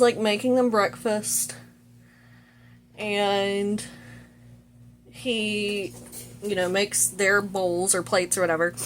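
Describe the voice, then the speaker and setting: A woman's voice: medium pitch, a little hiss or hum. A woman casually recapping a movie plot while doing her makeup, talking in a chatty way full of "like" and "you know". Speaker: vlogger.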